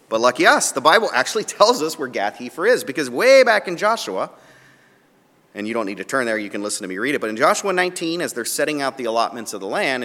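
A man preaching a sermon and reading scripture aloud, his delivery swinging from soft asides to emphatic, raised points. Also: mid-range voice, in a large hall. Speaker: pastor.

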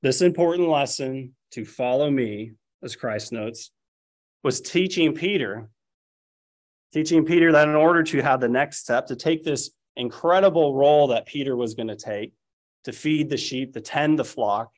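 Man, preacher, middle pitch, sermon, storytelling, dramatic quotes. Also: moderate pace. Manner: storytelling, acts out the quoted lines. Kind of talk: expository sermon.

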